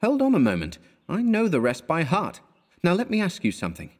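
A man's voice: high voice, wildly swooping pitch, brisk, big-room sound, pitched above the performer's own voice, full character voice. A man voicing an exasperated young male art student who scolds his friend with scorn. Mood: scornful.

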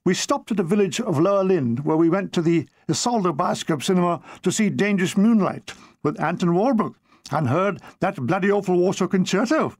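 An older man from England reading his own war memoir aloud, with dry comic timing and quick jumps into put-on voices. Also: high voice, expressive, no room sound.

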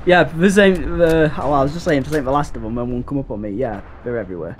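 A young man giving casual let's-play commentary, chatty and slangy with excitable bursts. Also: mid-range voice, quick pace, few pauses, a little hiss or hum. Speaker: gameplay commentator.

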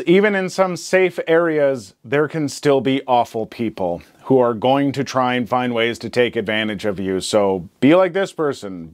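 Male narrator reading stories with sarcastic commentary; animated, lively pitch. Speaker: story narrator.

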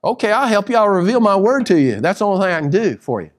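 A man voicing God answering a believer patiently, repeating himself quickly. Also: sits high, very animated, pitched above the performer's own voice. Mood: patient, insistent. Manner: repetitive, quick.

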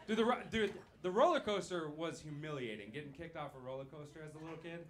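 A man's voice: on the high side, animated, quick pace, fairly bright tone. A young man doing a stand-up set in a comedy club, loose and rambling, swearing and laughing at his own jokes, on a handheld mic. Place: comedy club stage with a live audience. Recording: live club recording with audible background noise.

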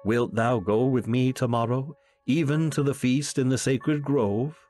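A man's voice: mid-range voice, fairly even intonation, measured pace, warm tone, faint music behind, close to an everyday voice. A man voicing a young noblewoman in old-fashioned speech. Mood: pleading. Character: young noblewoman, teasing, bold lady.

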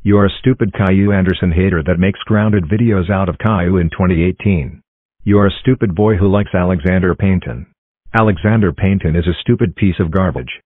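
A deep computer male voice playing a bratty bald boy who hurls flat, robotic insults. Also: a little fast, dry recording. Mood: taunting. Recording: tinny phone-like dry sound.

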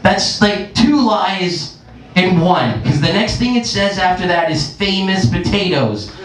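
High-voiced comedian, echoey and distant. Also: male voice, lively intonation, unhurried, a bit bright. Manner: rambling, crude, acts out voices in quotes. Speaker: stand-up comedian. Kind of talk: stand-up comedy set. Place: comedy club stage. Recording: echoey club recorded from a distance.

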